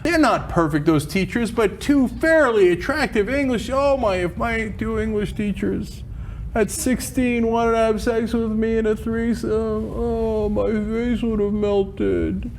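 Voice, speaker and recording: A man hosting a talk show, bantering loudly with laughs and animated asides. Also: very high voice, unhurried, a little hiss or hum. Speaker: host.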